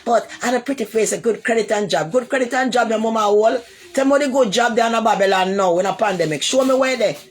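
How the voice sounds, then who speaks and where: A woman's voice: fairly high pitch, fast. A woman with a Jamaican accent talking live to her viewers in a casual rant. She rambles and repeats herself, and she answers commenters with blunt insults. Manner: rambling and repetitive, loops back over the same points. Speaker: livestreamer.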